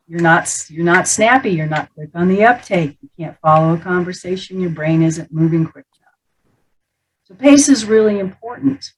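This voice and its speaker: A middle-aged woman voice coach teaching about the speaking voice, animated and playful, often demonstrating how others talk. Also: mid-range voice, rough recording.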